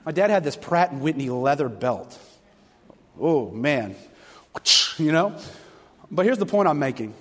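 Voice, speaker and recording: A man preaching a sermon to a congregation, telling stories with animated, fervent delivery. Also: fairly high pitch, takes it slowly, pauses often. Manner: animated storytelling, rising to loud fervent passages. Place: church sanctuary. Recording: long hall reverb.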